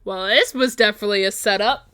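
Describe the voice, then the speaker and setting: A woman voicing a young male lawyer in a dry, wry, low-key tone. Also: fast talker, a bit bright, a little hiss or hum, lightly acted.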